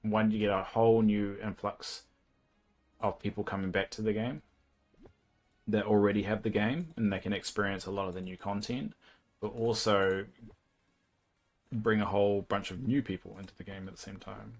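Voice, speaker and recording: A man's voice: fairly low pitch, fairly even intonation, moderate pace, pauses often. A young man with a New Zealand accent, chatting casually as a livestreamer while he plays a game and thinks aloud with plenty of fillers.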